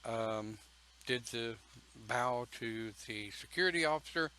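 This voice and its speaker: A man speaks slowly and takes his time, pausing often between phrases. His voice is bright and forceful, with a folksy, emphatic storytelling manner. He sounds like he is talking casually to a camera. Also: medium pitch, rough recording. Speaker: pagan church speaker.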